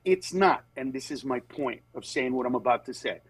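A man, a comedian, talking in a casual podcast conversation, telling animated stories, slipping into quick character voices, and turning earnest and emphatic on serious points. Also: mid-range voice, husky, no room sound, low-quality recording. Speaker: stand-up comedian guest.

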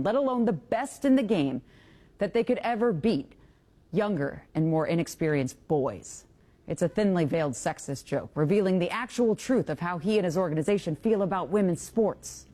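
A woman news anchor reading a scripted commentary with a measured, pointed delivery. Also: on the low side, lively intonation, mellow.

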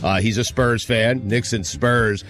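A man's voice: fairly low pitch, fairly even intonation, measured pace, a bit bright, faint music behind. A man with a New York accent hosting a sports talk show, bantering loosely and laughing often. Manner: loose, laughing banter, directs co-hosts by name. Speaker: sports radio host.

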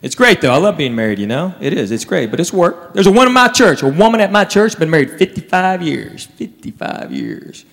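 A man performs stand-up in a large hall, his slightly high voice rising and falling with lively swings. He tells stories animatedly and drops into quiet low asides. A long reverb and a faint crowd murmur sit behind him. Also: quick pace, hardly any pauses. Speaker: stand-up comedian. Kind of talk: stand-up comedy set. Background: faint audience and room noise.

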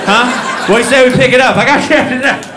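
A man voicing an impatient, hotheaded male race driver who yells and then gives a fake apology. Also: extremely high pitch, fast, reverberant, a crowd in the background, pitched above the performer's own voice. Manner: yelling, fake-apologetic, cocky. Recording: noisy live club recording.

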